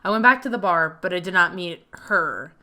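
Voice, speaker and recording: Woman reading game man, forties, blunt, sarcastic, bright voice. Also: on the low side, expressive, normal speed, pitched below the performer's own voice. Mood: curt. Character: gruff jaded man in his forties. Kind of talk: reading game dialogue aloud.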